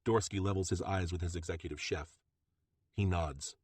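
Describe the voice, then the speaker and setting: Low-voiced male audiobook narrator. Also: husky, no room sound. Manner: steady, measured storytelling. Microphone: close studio mic.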